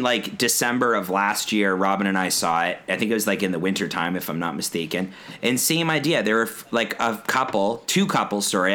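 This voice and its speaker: A man on a casual podcast chat, telling a story as an animated, swearing rant. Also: on the low side. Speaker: podcast co-host.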